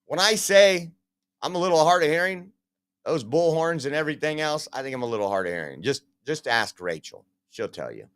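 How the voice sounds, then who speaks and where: A man's voice: on the high side, animated, a little fast, fairly bright tone, smooth. A man hosting a podcast, giving emphatic, sarcastic, rambling commentary. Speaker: podcast host. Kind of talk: opinionated commentary.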